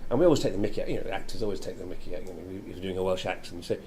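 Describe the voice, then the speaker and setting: Older male actor, low voice, storytelling interviewee, faint hum behind. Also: very fast, a little mellow. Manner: chatty storyteller, laughs often. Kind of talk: anecdotal interview.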